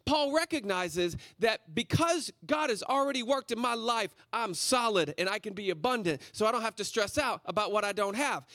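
A man giving a guest sermon in a casual, energetic, slangy storytelling way. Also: very high-pitched, no room sound, clean studio sound. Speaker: guest preacher. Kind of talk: conversational sermon.

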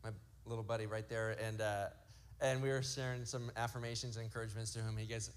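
His voice is fairly low, clear and resonant, though the delivery stays flat. He's a pastor in his thirties whose sermon is full of family stories, with kids' lines acted out and points listed slowly and emphatically.

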